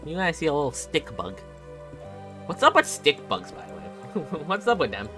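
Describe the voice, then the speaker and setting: A man's voice: a little high, huge pitch swings, normal speed, over music. A young man streaming a game, rambling and joking casually with chat and laughing often. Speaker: gaming streamer.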